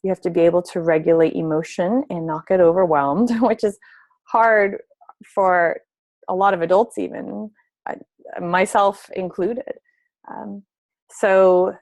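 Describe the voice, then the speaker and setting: A woman giving a webinar as a family therapist, explaining calmly and acting out example talks with children. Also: medium pitch, normal speed, dry recording. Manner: gentle, explanatory, acts out example dialogues with children. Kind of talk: spoken webinar presentation.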